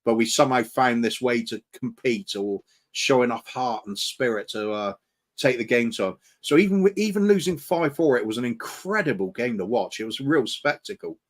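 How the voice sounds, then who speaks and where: A man with an ordinary mid-pitched voice, co-hosting a casual stream. He rambles reflectively, restarting sentences often. His talk is loose and conversational. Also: lively intonation, normal speed. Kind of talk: casual chat on a live stream.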